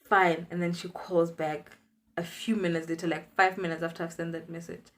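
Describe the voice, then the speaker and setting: A young woman with a South African accent chats through a personal story. Her voice is fairly low for a woman, and she slips into the people she quotes as she goes. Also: normal speed. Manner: chatty, animated retelling with quoted dialogue. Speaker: vlogger. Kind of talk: casual storytime.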